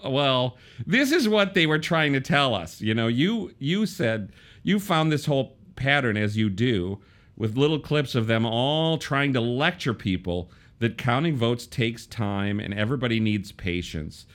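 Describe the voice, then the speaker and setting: A man's voice: mid-range voice, big pitch swings, measured pace, fairly bright tone. A man hosting a casual political talk show, wry and conversational, often restarting his sentences. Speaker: podcast host.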